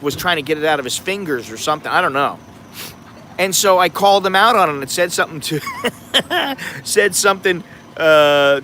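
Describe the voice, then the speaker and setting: An American man vlogging at an outdoor night market, telling a rambling story with chuckles and growing animated. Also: on the high side. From United States. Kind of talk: casual storytelling vlog. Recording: faint outdoor street noise. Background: traffic and street noise.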